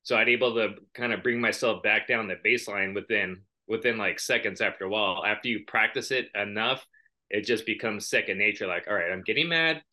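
A man speaks in a relaxed, reflective podcast conversation, drifting into personal stories. His voice sits a little low yet rings very bright and sharp. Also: fairly quick. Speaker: podcast co-host. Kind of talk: casual chat.

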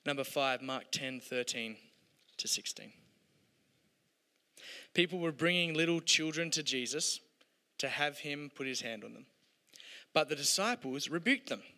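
A man preaching a sermon, telling stories earnestly and letting his voice drop soft at the end of each point. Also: a little high, moderate pace. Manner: earnest, storytelling, voice dropping soft at ends of points. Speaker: pastor. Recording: long hall reverb.

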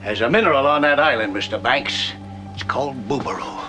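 An actor playing a scheming businessman who makes a persuasive, confiding pitch in a film clip. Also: fairly quick, close to an everyday voice. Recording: film clip with music behind.

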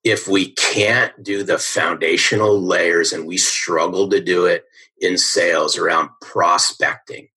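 Here a middle-aged man, a sales coach on a podcast, tells energetic, emphatic stories and keeps asking "right?". His voice sits low, with fairly even intonation, a measured pace, and a sharp, husky tone. It's a low-quality recording.

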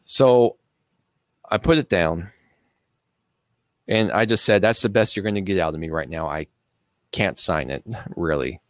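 Man, very low voice, personal storytelling, halting delivery, earnest, dry recording. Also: no echo. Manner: halting, with pauses and restarts. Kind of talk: personal story told to camera.

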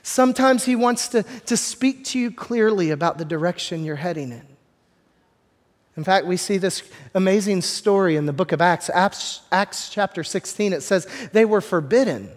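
A man preaching a sermon as pastor, talking in a relaxed, conversational way with repeated words and joking asides to the congregation, in a church. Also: high voice, moderate pace. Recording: long hall reverb.

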